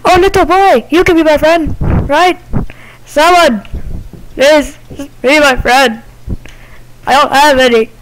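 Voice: sits high, steady tone, takes it slowly, pauses often, a bit bright, slight background noise, voice pushed up, low-quality recording. A gamer voicing a lonely, needy ghost who keeps begging people to be friends, in a whiny, pleading way.

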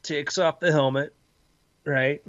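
A man narrating as game master of a tabletop game in a dry, deadpan way. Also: on the high side, takes it slowly, dry recording. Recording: slightly muffled dry audio.

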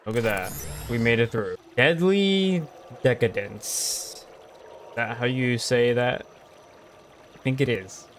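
A man's voice: mid-range voice, lively intonation, slow, long pauses, a little hiss or hum. A young man commenting on a horror game for his viewers, jumpy and easily scared. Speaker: gaming video host. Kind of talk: let's play commentary. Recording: voice over loud game music.

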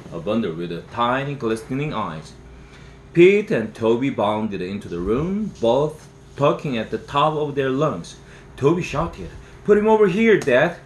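A man, native Korean speaker and English teacher, reading a novel aloud in a steady storybook manner. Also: mid-range voice. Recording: roomy room echo, faint hiss.

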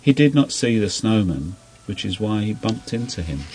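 A man gently reading a children's story aloud in an unhurried storybook manner. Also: fairly low pitch, sing-song, low-quality recording.

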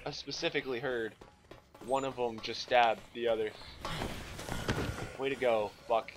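A young man giving casual, profane commentary while playing a video game. He talks to himself in a low, offhand voice and keeps breaking into shouts at the enemies. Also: steady tone, unhurried, background noise. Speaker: let's play gamer.

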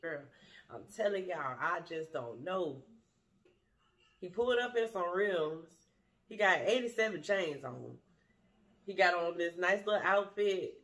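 A woman's voice: fairly low pitch, lively intonation, a little slow, pauses often, fairly bright tone. A woman vlogger telling a dating story to her viewers in a blunt, profane, laughing way.

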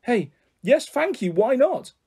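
A man voicing an excitable young schoolgirl with breathless, squealing exclamations in a storybook reading. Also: very high-pitched, takes it slowly, breathy edge, pitched above the performer's own voice, full character voice. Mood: delighted.

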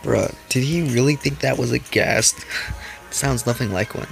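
A man's voice: medium pitch, unhurried, creaky. A man hosting a reaction video in casual commentary, rambling and mocking, with lots of "like" fillers. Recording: background music under voice. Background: background music.

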